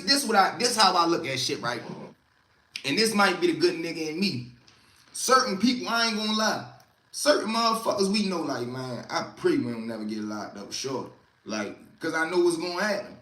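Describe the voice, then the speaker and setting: Bright, high-pitched streetwise man. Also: roomy sound. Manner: streetwise, storytelling, greets viewers by name. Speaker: livestream host. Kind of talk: casual livestream chat.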